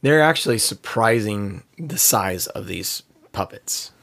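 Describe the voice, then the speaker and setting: A hoarse man co-hosting a podcast in a casual chat, his voice worn and gravelly. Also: fairly low pitch, lively intonation, measured pace, a bit bright, no echo. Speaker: podcast co-host.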